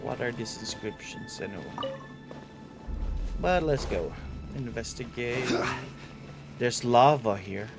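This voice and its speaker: A man's voice: mid-range voice, animated, slow pace, pauses often, over music. A man streaming a game live, casually thinking aloud about what to do next.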